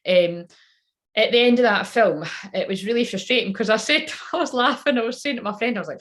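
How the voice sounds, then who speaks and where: A woman's voice: fairly high pitch, brisk. A woman who works as a spiritual channeler, rambling casually on a live stream, swearing freely and talking straight to her viewers.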